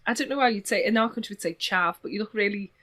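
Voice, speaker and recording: An English woman chatting as a podcast guest, telling animated stories with gasps and laughs. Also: mid-range voice, racing. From England. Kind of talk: casual chat.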